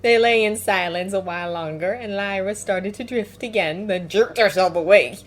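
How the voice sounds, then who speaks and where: A woman reading fan fiction aloud in a calm, even storytelling manner. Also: mid-range voice, moderate pace. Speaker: fanfiction reader. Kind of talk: audiobook narration.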